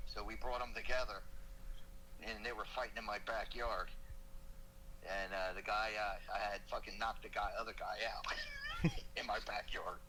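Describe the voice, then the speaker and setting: A middle-aged man, a veteran podcast guest, telling stories casually with lots of swearing and loudly acted-out quotes. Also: lowish voice, slight background noise, poor audio. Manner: profane, animated, acts out quotes loudly. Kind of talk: casual storytelling.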